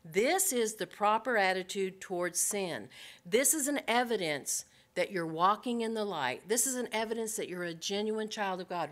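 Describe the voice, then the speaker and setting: A woman teaching a women's Bible study, earnest and direct, asking her listeners rhetorical questions and slowing down to stress key points. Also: mid-range voice, a bit bright.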